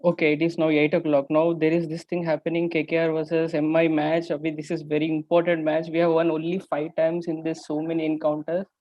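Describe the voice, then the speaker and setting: Flat-voiced Indian man musing aloud. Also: fairly high pitch, brisk, hardly any pauses, no room sound. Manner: musing aloud, mixing in Hindi phrases. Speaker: participant. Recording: dull lo-fi call audio.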